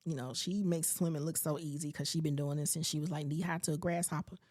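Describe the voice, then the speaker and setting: A podcast host in her late forties talks fast in a low, slightly mellow voice with fairly even intonation. Her personal story is sprinkled with remarks about faith, and she performs her own reactions as she goes.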